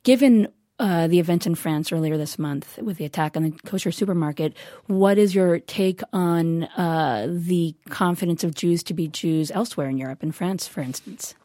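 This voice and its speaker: A woman interviewer asking measured, formal questions. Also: on the low side, mellow, dry recording.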